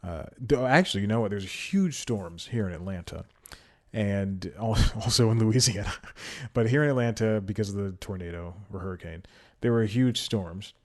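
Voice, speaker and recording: Chatting solo on his podcast from his home in a city hit by a storm, this young host rambles easily and keeps laughing at his own remarks. He speaks at a moderate pace in a fairly low voice.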